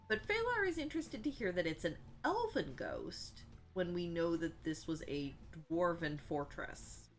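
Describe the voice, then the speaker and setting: A woman's voice: sits low, very animated, normal speed, gravelly, hardly any pauses, a bit bright, soft background music. A woman casually recapping a tabletop role-playing session, rambling with many fillers and asides. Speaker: player recapping a tabletop game.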